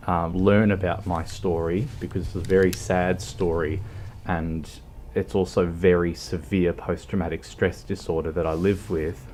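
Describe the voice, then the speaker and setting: A man chatting casually with his livestream viewers while playing a game, talking in a rambling, halting way. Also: low-pitched, darkish tone, a little hiss or hum. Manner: rambling, halting, talks to chat.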